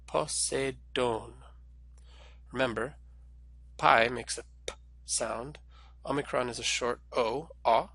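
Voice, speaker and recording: A man's voice: mid-range voice, a bit bright, dry recording. A man giving a recorded language lesson, explaining pronunciation patiently and step by step. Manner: clear, patient, step-by-step teaching. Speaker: Greek language instructor.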